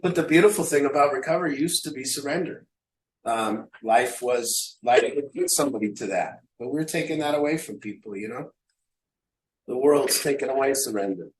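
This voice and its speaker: A man's voice: mid-range voice, normal speed, roomy sound, low-quality recording. A man leading an online recovery support group on a video call. He speaks emphatically, repeating phrases and acting out what people say.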